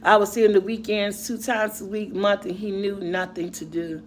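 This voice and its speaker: A woman's voice: mid-range voice, flat delivery, normal speed, slight background noise. A middle-aged woman vlogger and mother, chatting casually and rambling to her viewers about their comments, laughing often.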